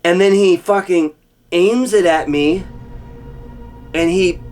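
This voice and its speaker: A man spins a childhood story in loose, cursing vlog talk, voice sitting a little high for a man. He jumps between hushed, low asides and sudden yelps as he acts the scenes out. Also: steady tone, slow, soft background music. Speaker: vlogger telling a childhood story. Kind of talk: casual storytelling.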